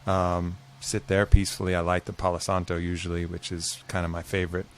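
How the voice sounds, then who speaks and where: Low-voiced reflective male guest. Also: monotone, a little fast, slight background noise. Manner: earnest, reflective, profane. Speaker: podcast guest. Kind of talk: casual conversation.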